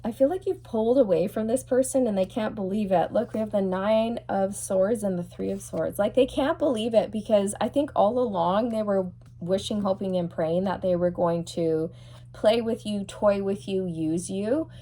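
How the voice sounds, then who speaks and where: A woman's voice: mid-range voice, normal speed, warm tone. A woman giving a tarot reading in a blunt, mocking way, laughing often and checking in with "okay?". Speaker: tarot reader.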